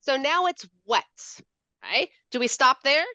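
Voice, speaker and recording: A woman's voice: high voice, a little slow, no room sound, lo-fi sound. A woman demonstrating a handwriting activity on a video call, playful and full of questions to her listeners. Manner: animated, playful, asks questions. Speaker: literacy educator. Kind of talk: lively teaching demonstration.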